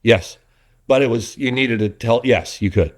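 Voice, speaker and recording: A man's voice: mid-range voice, moderate pace. A middle-aged man, a documentary filmmaker, talking casually in an interview and telling stories with lots of restarts. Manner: animated storyteller, many restarts, acts out quotes.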